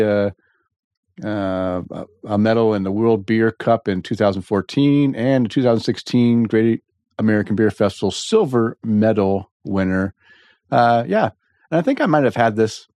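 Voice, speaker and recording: A man's voice: fairly low pitch, dry recording. Congested male host, easygoing and chatty, dry close mic. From US Pacific Northwest. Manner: relaxed, chatty, with restarts and throat clearing. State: congested with a slight frog in the throat. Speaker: podcast host. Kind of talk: casual chat.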